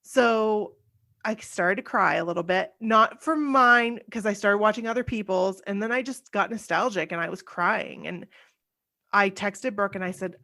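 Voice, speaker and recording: A woman's voice: mid-range voice, normal speed, sharp tone. A woman in her forties hosting a casual podcast, telling a personal story in long run-on sentences full of "like.". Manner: chatty, run-on storytelling with many "like"s. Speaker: podcast host.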